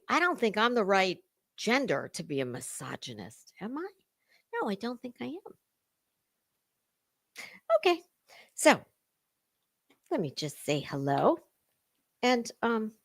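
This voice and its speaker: Animated, profane woman livestream host. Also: on the high side, slow pace, pauses often, dry recording. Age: middle-aged. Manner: chatty, blunt and profane, talks to chat viewers. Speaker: political commentary livestream host. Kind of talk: casual live-stream chat.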